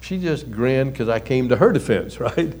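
An older man, a pastor and counselor, giving a conversational sermon with folksy stories and soft chuckles. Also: mid-range voice, animated, normal speed.

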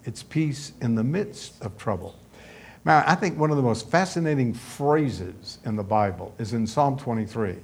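A male pastor preaching a sermon in a measured storytelling way. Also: medium pitch, lively intonation, darkish tone, husky.

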